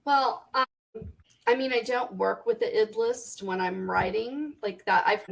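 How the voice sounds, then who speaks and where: A woman's voice: on the high side, vocal fry, low-quality recording. A woman from Texas, a guest author chatting casually and animatedly in a podcast interview. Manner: chatty and animated, quick restarts.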